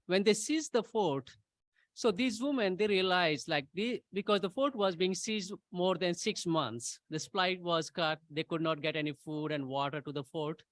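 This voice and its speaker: Earnest man, slightly high voice. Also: moderate pace, dry recording. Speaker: guest. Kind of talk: casual storytelling.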